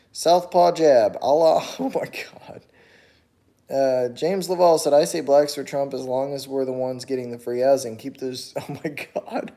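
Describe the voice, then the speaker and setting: A man reads viewer comments aloud on a casual livestream and answers each one in an offhand way, often with a chuckle. His voice has a mellow, darker tone and sits at an ordinary pitch for a man. When a comment challenges him, he turns animated and argumentative. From United States. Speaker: livestream host reading chat comments.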